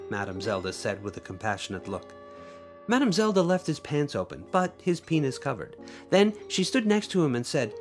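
A man hosting a podcast, reading his own short story aloud in an expressive storytelling way, with playful asides to listeners. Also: mid-range voice, normal speed, soft background music. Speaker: podcast host and author.

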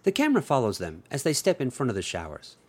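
Guy reading an erotic story out loud, super swoopy lively voice, mid pitch. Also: quick pace, husky. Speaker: audiobook narrator.

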